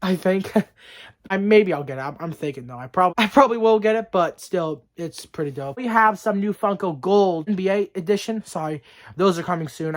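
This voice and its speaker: A vlogger chatting casually through the hiccups, rambling with lots of fillers and restarts. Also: mid-range voice. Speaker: collectibles news vlogger. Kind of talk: casual vlog chat.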